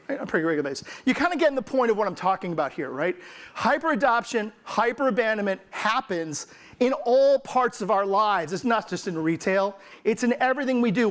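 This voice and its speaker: A man giving a humorous, energetic keynote to a live audience, quizzing them and mimicking what people say. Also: high voice. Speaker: conference keynote speaker.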